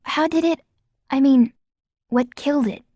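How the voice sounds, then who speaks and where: A woman voicing an earnest young girl who loves animals, in an eager, bright manner for an audiobook. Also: high voice, unhurried, no room sound, clean studio sound, pitched above the performer's own voice. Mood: hesitant. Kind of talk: audiobook character voice.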